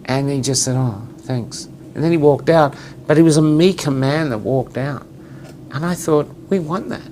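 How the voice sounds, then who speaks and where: A man's voice: a little high, moderate pace, slight background noise. A middle-aged man co-hosting a casual chat, telling stories and acting out what people said. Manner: animated storyteller, acts out quotes. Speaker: co-host.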